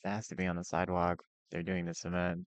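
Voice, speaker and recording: A man's voice: low-pitched, monotone, quick pace, smooth, dry recording. A young man telling a rambling personal story in a casual vlog, full of fillers and restarts. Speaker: vlogger.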